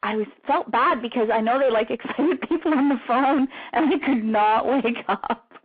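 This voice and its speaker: Breathy woman guest on a phone line. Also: fairly high pitch, moderate pace. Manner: animated, laughs mid-sentence, trails off in restarts. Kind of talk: casual radio interview chat.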